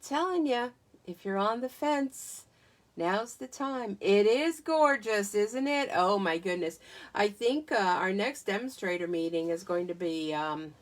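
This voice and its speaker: A woman's voice: mid-range voice, lively intonation, a little slow. An American woman with a Southern accent hosting a crafting livestream from home, chatting casually and greeting viewers by name as she talks into a tablet. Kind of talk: casual live-stream chat.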